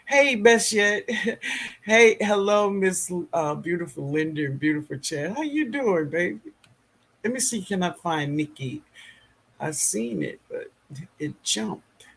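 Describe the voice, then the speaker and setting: A middle-aged man hosts a live gardening stream with a husky, slightly raised voice. He talks slowly, with a lively rise and fall in his pitch. He laughs easily and greets his viewers by name as he reads the chat. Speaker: gardening show host reading live chat.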